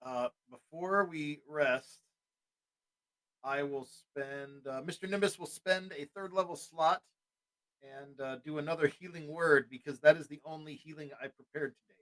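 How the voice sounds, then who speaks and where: Chatty guy at a tabletop game, kinda high voice. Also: moderate pace, a bit bright. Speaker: player. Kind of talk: casual tabletop game play.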